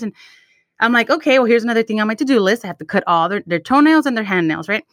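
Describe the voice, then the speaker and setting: A woman's voice: a little high, fast, dry recording, studio quality. A woman co-hosting a podcast, chatting casually, acting out quotes and mixing Spanish into her English. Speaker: podcast co-host. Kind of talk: casual chat.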